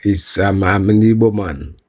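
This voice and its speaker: A man's voice: on the low side, measured pace, darkish tone. A man from Nigeria with a Nigerian accent, answering interview questions in an earnest, proud way and laughing easily. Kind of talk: casual street interview.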